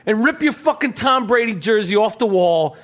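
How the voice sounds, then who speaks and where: A man's voice: sits high, lively intonation, normal speed, a bit bright. A man hosting a podcast, ranting with heavy swearing and stammering restarts. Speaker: podcast host. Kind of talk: profane comedic rant.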